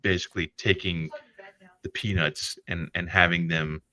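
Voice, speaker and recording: A man hosting a casual livestream chat, animated and profane, laughing often as he tells stories. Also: deep voice, moderate pace. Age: older than internet youth. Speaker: podcast host.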